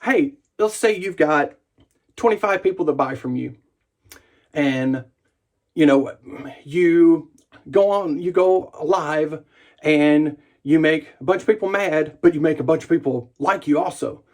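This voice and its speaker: A man's voice: a little high, unhurried. A man hosting a wet shaving vlog from his home bathroom, rambling and joking at his own expense while he shaves. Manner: joking, rambling, self-deprecating. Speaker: wet shaving channel host.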